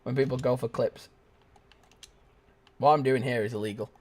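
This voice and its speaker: A young man giving live gameplay commentary, chatting casually and shouting sudden excited exclamations. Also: medium pitch, normal speed. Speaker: gaming video host.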